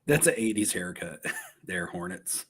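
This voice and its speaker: A man's voice: sits low, lively intonation, unhurried, a bit bright, slightly rough. A man co-hosting a trading card stream in casual chat, with teasing banter and easy laughs.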